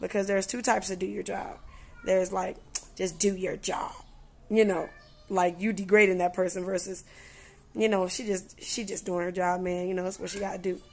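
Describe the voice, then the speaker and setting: A woman vlogging in a casual, chatty way, full of "you know" and "like", who acts out conversations with lively voices. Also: mid-range voice, normal speed. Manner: animated, acts out dialogue in voices. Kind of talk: casual storytelling vlog.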